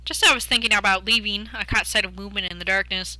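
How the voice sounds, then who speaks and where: A woman's voice: mid-range voice, fast talker, sharp tone, dry recording. A young woman streamer, reading a game's story aloud and breaking off for jokey, chatty asides. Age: young adult.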